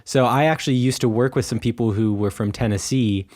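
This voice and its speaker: Give me an American man co-hosting a casual podcast, loose and chatty, with a voice of middling pitch. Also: a little fast, a little mellow. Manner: loose, rambling, heavy on "like" and "um". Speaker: podcast co-host.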